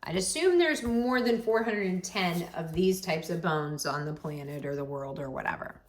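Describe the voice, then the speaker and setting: Speaking at a moderate pace in a fairly low, animated voice, a woman works through a recorded statistics lesson. She reads the numbers aloud, mutters some quietly, and narrates each step to herself, keeping things chatty and upbeat for her students.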